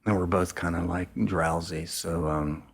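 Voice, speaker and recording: Low-voiced man telling a rambling story. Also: level tone, measured pace, creaky, slightly rough. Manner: loose, rambling, profane, chuckling. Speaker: photographer guest. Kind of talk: casual storytelling anecdote.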